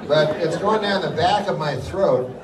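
An older man doing a live stand-up set, deadpan and rambling with lots of profanity. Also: fairly high pitch, measured pace. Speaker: stand-up comedian. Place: live comedy venue with audience. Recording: echoey room from far off with loud crowd noise.

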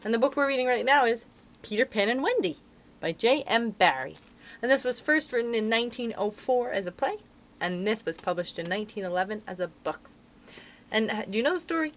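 Expressive woman reading to kids. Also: a little high, fairly quick. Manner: friendly, expressive. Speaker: librarian. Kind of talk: reading aloud to children.

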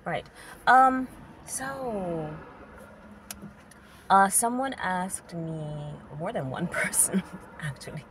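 A woman's voice: on the low side, extremely slow, pauses often. A woman from Jamaica. She talks candidly and rambles a little in a casual vlog, recorded outdoors on a street on her way to work. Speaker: English teacher. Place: outdoors on a street while commuting. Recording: distant mic with loud traffic noise.

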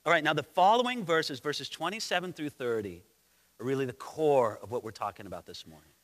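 A man's voice: fairly high pitch, animated, fairly quick. A male pastor preaching an expository sermon, conversational and storytelling in manner. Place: church sanctuary. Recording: echoey church sanctuary.

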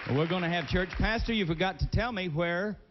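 A man's voice: sits high, a little fast, crowd noise, background noise. A man hosting a live gospel TV show, folksy and upbeat, calling out to guests and the audience. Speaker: TV show host. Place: large theater with live audience. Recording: dull old broadcast audio in a reverberant hall.

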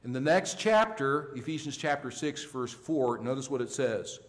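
A male pastor preaching a sermon with emphasis, swinging between loud, high rises and quiet, low drops. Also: lively intonation, moderate pace, big-room sound. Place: church sanctuary.

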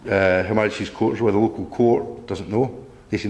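A man's voice: lowish voice, fairly even intonation, moderate pace, darkish tone, echoey room. A man giving an emphatic, indignant public talk to an audience, rambling with restarts and the odd swear word. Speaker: speaker at a public meeting.

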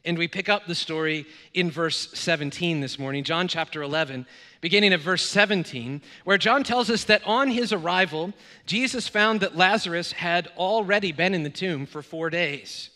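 A man's voice: sits high, normal speed. A middle-aged man preaching as a guest pastor, telling stories with many fillers and acted-out dialogue. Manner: warm storytelling with many fillers and quoted dialogue. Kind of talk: sermon. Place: church sanctuary. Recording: long reverb of a church hall.

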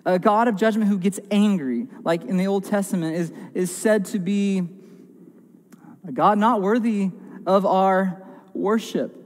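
A man's voice: sits high, unhurried, a little mellow, long reverb tail. A man preaching a sermon as pastor, earnest and emphatic, with repeated phrases and small restarts. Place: church sanctuary.

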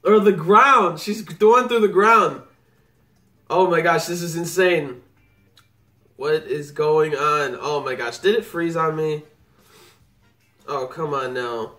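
A man hosting a live manga reaction, excitable and rambling as he reads and exclaims. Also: fairly high pitch, slow, pauses often, soft background music. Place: home computer setup.

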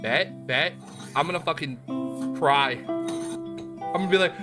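A young woman streaming games live on a headset mic, excitable, laughing often and swearing freely. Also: sits low, measured pace, long pauses, over loud music. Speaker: game streamer. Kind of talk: live gameplay commentary.

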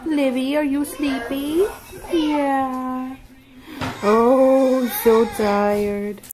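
A woman's voice: high voice, fairly even intonation, very slow. A mother filming a casual family vlog at home, chatting to the camera and to her babies. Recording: home video with household noise.

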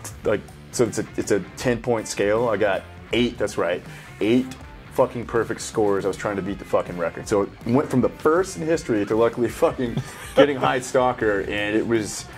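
There's faint music behind him as he talks fairly quickly in a fairly low voice. He's a thirtysomething special operations veteran reacting to a game, and his casual chat is loose storytelling laced with constant profanity.

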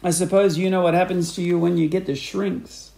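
A man reading a storybook aloud, voicing a spiteful old man who taunts slowly and cruelly. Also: sits high, level tone, gravelly, mellow. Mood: gloating. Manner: taunting, slow and drawn-out.

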